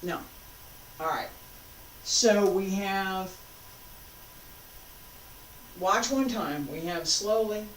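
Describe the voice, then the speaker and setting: A woman's voice: mid-range voice, very slow, long pauses, a little hiss or hum. A woman martial arts instructor talking a class through moves, patiently cueing each step as she demonstrates. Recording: roomy sound, mic far off.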